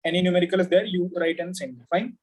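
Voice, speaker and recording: A male physics teacher giving an oral exam over a video call. He is patient and repeats his questions slowly. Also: high voice, a little mellow, slightly rough, poor audio.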